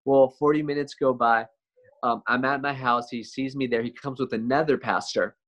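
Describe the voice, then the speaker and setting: Male interview guest, mid-pitched, relaxed testimony delivery, lots of fillers and self-corrections. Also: normal speed. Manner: conversational, frequent "man" and "like", repeats and restarts words. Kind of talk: casual personal testimony.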